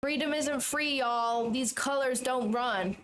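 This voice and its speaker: A woman's voice: high-pitched, slow pace, a bit bright, slight background noise. Brash mock American patriot, put on by a woman. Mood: mock patriotic.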